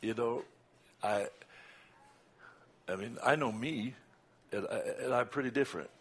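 Before preaching, this older guest minister with a Southern American accent talks informally, chuckling through his asides. His mid-range voice carries a breathy edge and grows loud and unhurried whenever he offers praise.

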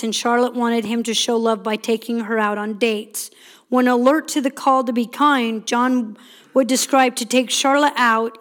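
High-voiced woman teaching on marriage. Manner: reads from notes with asides, acts out short quotes.

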